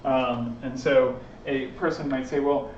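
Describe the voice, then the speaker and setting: A man's voice: medium pitch, steady tone, a little slow, recorded from a distance, a little hiss or hum. Man lecturing, hesitant, in a roomy space. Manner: thinks aloud with many fillers and restarts. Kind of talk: informal philosophy lecture. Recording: roomy, dull lo-fi room recording.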